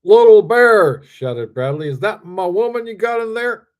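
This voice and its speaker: A man's voice: a little high, unhurried, a little mellow. A man voicing a dim-witted, hulking male circus strongman who talks of himself in the third person with crude, broken grammar. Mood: angry.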